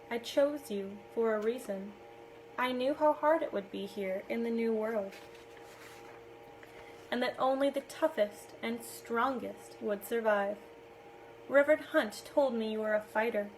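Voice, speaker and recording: A woman's voice: a little high, slight background noise, natural voice, rough recording. A woman reading as a wounded, grave captain. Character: wounded middle-aged male captain, commanding.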